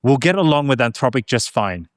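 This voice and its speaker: A British man co-hosting a casual tech podcast, chatty and quick to laugh. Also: medium pitch, very animated, no echo, clean studio sound. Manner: chatty, laughs easily, says whilst. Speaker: podcast co-host.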